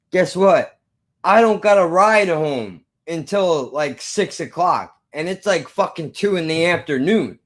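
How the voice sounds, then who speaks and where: A man's voice: fairly high pitch, measured pace. A man telling a profane personal story, acting out both sides of an old argument. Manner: animated, swearing, acts out both sides of an argument.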